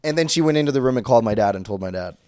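A man's voice: medium pitch, expressive, very fast, darkish tone, no echo, studio quality. A man from Minnesota, a guest in a casual podcast chat, telling personal stories candidly, with lots of fillers and laughs.

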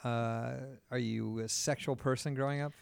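A man's voice: mid-range voice, fairly even intonation, normal speed, gravelly, clean tone, no echo. A man hosting a casual interview, asking prodding questions and joking bluntly. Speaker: host.

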